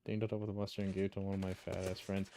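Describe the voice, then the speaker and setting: Young guy streamer, slightly low voice, loose profane chatter, tells stories while playing. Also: completely flat delivery, racing, vocal fry, warm tone. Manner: rambling, profane, chuckles while telling stories. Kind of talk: casual chat while gaming.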